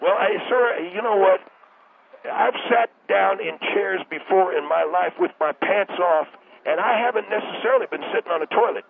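A man's voice: high voice, moderate pace, creaky, pitched above the performer's own voice. A man voicing an indignant male caller who wants his state to secede, talking over the others. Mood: huffy. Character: blustering male caller, Texas secessionist. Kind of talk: radio call-in comedy bit. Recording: phone line.

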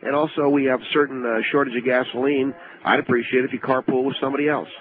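A man's voice: medium pitch, steady tone, fast, narrow, tinny audio, a crowd in the background, lightly acted. A man voicing a pompous self-appointed militia general who blusters, dodges questions and leers. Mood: blustering. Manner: blustering, evasive, leering.

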